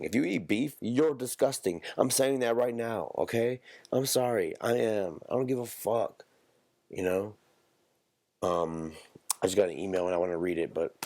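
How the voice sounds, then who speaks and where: A man's voice: low-pitched, creaky, darkish tone. A man hosting a casual solo podcast, rambling and profane, his voice run through auto-tune. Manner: profane, rambling, swings between mock rage and mumbling. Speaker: podcast host.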